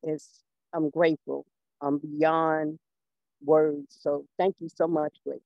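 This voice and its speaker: A woman on a group call thanking the class, halting and close to tears. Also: sits low, level tone, gravelly, no echo, highs cut off. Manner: halting, restarts, fighting back tears. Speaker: class participant.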